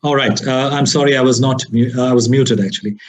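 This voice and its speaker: A man's voice: mid-range voice, steady tone, quick pace, a little hiss or hum. A man, a hotel general manager, opening a conference talk politely and hesitantly with many fillers, on a video call.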